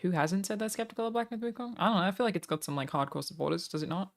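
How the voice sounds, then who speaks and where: A woman's voice: mid-range voice, rapid-fire. A woman streaming live, chatting casually, reading articles aloud and gushing thanks to donors with casual swearing. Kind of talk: live stream chat and reaction.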